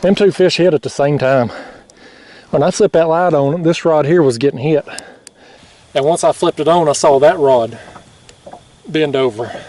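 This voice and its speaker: Guy fishing off a kayak at night, kinda high voice, pumped and winded, laughs a lot. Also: moderate pace, pauses often, distant mic. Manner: excited, chatty, laughs often. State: out of breath. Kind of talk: casual vlog narration. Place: on a kayak on open water at night.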